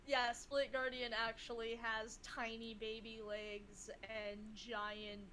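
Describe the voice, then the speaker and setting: A woman's voice: fairly high pitch, flat delivery, slow pace, bright, forceful tone, slight background noise, poor audio. A woman guest artist chatting casually and giggling on a live art stream, talking about her characters.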